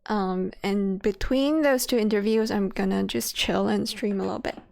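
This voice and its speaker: A woman's voice: medium pitch, steady tone, normal speed, gravelly, a little mellow. A young woman streaming, chatting casually and laughing often while a little out of breath. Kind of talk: casual chat.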